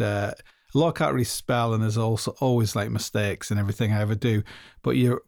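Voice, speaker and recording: A man's voice: fairly low pitch, creaky, darkish tone, no room sound, studio quality. A middle-aged man hosting a podcast, rambling and joking in casual solo talk, often stopping and restarting his sentences. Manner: rambling, self-interrupting, joking. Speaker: podcast host.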